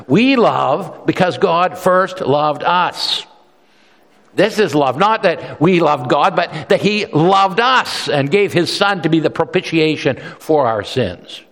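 Earnest preacher with a higher voice, long hall reverb. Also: male voice, fairly bright tone. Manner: earnest, emphatic, often repeats words as he restarts. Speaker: pastor. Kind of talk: sermon.

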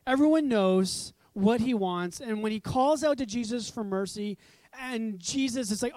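A woman's voice: high-pitched, expressive, normal speed, a little mellow, dry recording. A woman preaching a conversational sermon, telling stories with animation and acting out voices. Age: adult parent.

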